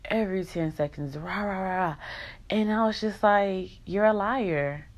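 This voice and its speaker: A woman's voice: mid-range voice, moderate pace. A young woman in an emotional vlog rant, venting in raw, profane country slang.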